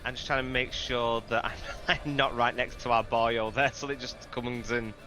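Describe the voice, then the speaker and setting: A man with a very bright, sharp voice works through his turn in a tabletop game, halting and laughing between restarts. Faint music plays behind. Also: medium pitch, little pitch movement. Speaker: player. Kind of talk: casual tabletop game play.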